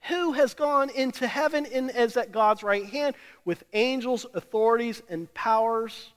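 A man with a high, light voice preaches a sermon from a church platform, dropping to near-murmurs and then rising to loud, emphatic repeated lines. He speaks directly to the congregation. His voice carries a long, echoing tail from the large sanctuary. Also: unhurried. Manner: swings from hushed murmurs to loud emphatic declarations. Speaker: pastor. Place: church sanctuary during a service. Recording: long hall reverb of a church.

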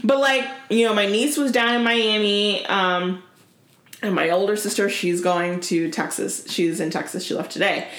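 A woman co-hosting a podcast, telling relaxed stories with dry asides. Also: medium pitch, moderate pace, echoey room. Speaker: podcast co-host. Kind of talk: casual chat.

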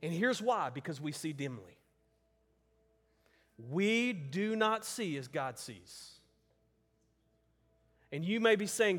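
A man's voice: sits high, lively intonation, takes it slowly, pauses often, in a large hall. A male pastor preaching a sermon, earnest and emphatic, repeating words for stress.

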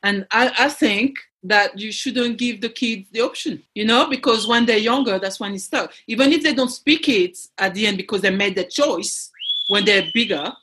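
Woman guest, husky voice, lively opinionated chat, mid pitch. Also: normal speed. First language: French. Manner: animated, opinionated storytelling with playful exasperation. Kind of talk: casual chat.

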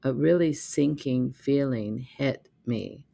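A man telling a personal story in a reflective, halting way, with many pauses and restarts. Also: mid-range voice, vocal fry, dark tone.

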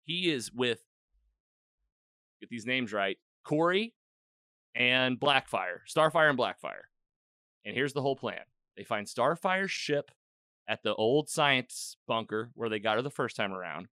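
Man, podcast host, bright forceful voice, dry close sound, rambling recap. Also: medium pitch, a little slow, smooth, dry recording. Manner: rambling, animated retelling with quoted lines. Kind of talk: casual episode recap chat.

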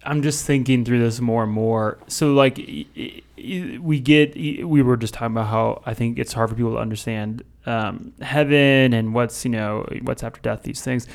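A man, a pastor on a podcast, thinking aloud in a halting way with many restarts. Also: medium pitch, gravelly. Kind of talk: podcast discussion.

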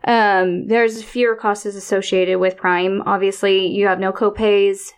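A woman's voice: mid-range voice, level tone, a little slow, smooth. A woman co-hosting a podcast in casual chat, explaining things plainly and venting with exasperation now and then. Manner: chatty, exasperated venting with mimicked quotes. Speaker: podcast co-host.

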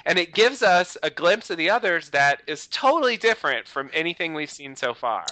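A man's voice: fairly high pitch, sing-song, normal speed, bright, forceful tone, no room sound, poor audio. A man co-hosting a podcast in casual chat, rambling and peppering his talk with "you know" and restarts. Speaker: podcast host.

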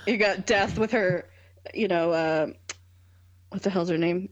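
A woman co-hosting a podcast in casual chat, excitable and gushing, swearing freely. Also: fairly low pitch, a little slow, dry recording, muffled recording. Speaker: podcast co-host.

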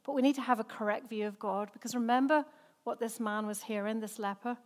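A woman who serves as senior pastor preaches quickly in a slightly high, steady voice. Her sermon is woven with personal stories, delivered in a chatty, self-mocking style with frequent laughter.

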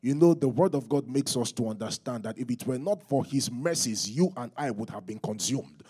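Husky-voiced Nigerian pastor preaching. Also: male voice, animated, moderate pace. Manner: exhorting the congregation to respond aloud; rises higher and louder when teaching. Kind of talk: sermon.

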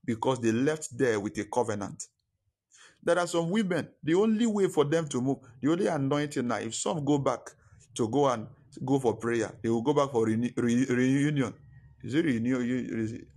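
A man delivers a Sunday sermon at an ordinary pitch, hammering his points home. He repeats key phrases for emphasis and talks straight to the congregation. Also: expressive, moderate pace, darkish tone. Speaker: preacher.

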